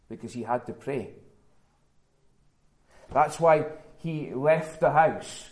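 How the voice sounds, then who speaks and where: An earnest male pastor preaching a sermon, his voice sitting at an ordinary middle pitch. He builds to emphatic, repeated phrases. The church around him is roomy and echoes.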